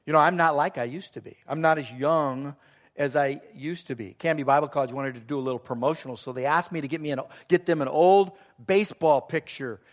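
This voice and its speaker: A man's voice: fairly high pitch, a little fast. A middle-aged man preaching a sermon in church as pastor, earnest and mixing in joking asides.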